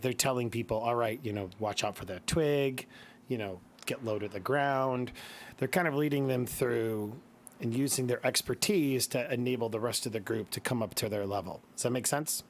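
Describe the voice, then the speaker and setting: A man's voice: mid-range voice, a little hiss or hum. Midwestern man running a tabletop game. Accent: Midwestern American. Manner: casual, explains rules with fillers. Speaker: game master.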